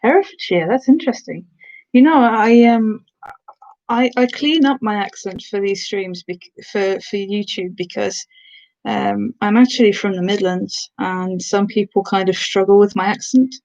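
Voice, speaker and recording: A woman's voice: medium pitch, moderate pace, darkish tone, dull audio. A woman from the Black Country, England, chatting casually on a live stream, answering viewers' comments and slipping into giantess role-play. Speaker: ASMR streamer.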